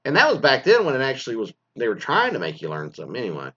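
A middle-aged man from Texas rants crudely and sarcastically, talking at a mid-range pitch. The sound is a bit dull and lo-fi. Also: wildly swooping pitch, racing, pushed and bright, breathy edge. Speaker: former teacher. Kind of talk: profane monologue.

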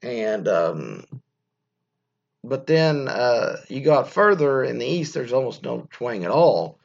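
Gravelly rambling man on a lo-fi mic. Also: medium pitch, big pitch swings, slow. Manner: rambling, crude, joking, with many fillers. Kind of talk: casual chat. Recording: dull lo-fi sound.

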